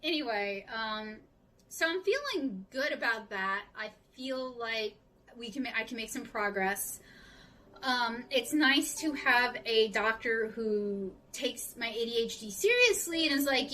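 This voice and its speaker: A woman's voice: a little high, moderate pace, distant mic, music in the background. A woman with a Southern US accent talking candidly and a bit rambling to her audience in a casual vlog. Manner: candid, rambling, self-reflective. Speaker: artist vlogger. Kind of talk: casual talk to camera.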